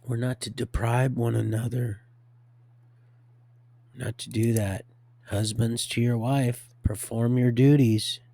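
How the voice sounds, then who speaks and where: A man hosting a livestream, rambling through a religious monologue, swinging from hushed to loud and laughing often. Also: medium pitch, little pitch movement, slow, vocal fry, long pauses. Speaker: livestream host.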